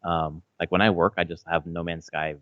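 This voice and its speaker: A man's voice: sits low, flat delivery, moderate pace, no room sound. A man in his thirties chatting casually as a podcast co-host, rambling with lots of fillers and restarts and swearing freely. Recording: slightly dull, dry audio.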